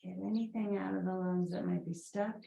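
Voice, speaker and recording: A woman's voice: on the low side, fairly even intonation, a little fast, creaky, warm tone, echoey room, poor audio. A woman with a Boston accent teaching a guided yoga class, chatty, with rambling asides and fillers.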